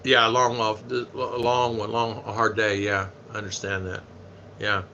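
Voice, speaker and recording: A man's voice: on the low side, flat delivery, measured pace, sharp tone, highs cut off, slight background noise. A man from the United States hosting a casual live stream, chatting in a folksy way and reading viewer comments aloud.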